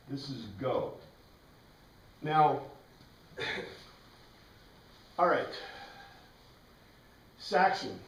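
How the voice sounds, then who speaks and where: A man's voice: medium pitch, lively intonation, very slow, long pauses. A man teaching a Bible class in a casual, rambling way, spelling out words letter by letter. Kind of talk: informal classroom lecture. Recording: roomy classroom heard from a distance.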